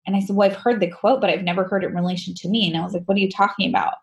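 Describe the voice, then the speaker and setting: A woman guest tells her personal story candidly in a medium-pitched voice, speaking rapid-fire. She's animated, laughs often and acts out the quoted dialogue.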